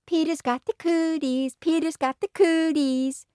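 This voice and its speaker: A woman voicing a pushy, bossy schoolgirl in a high, sing-song, wheedling voice for a storybook reading. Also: very animated, a little slow, dry recording, clean studio sound. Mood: taunting.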